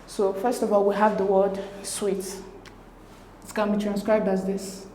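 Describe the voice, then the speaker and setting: A woman, working through exam questions as a tutor in a steady, methodical way. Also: medium pitch, unhurried, slight background noise. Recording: echoey room.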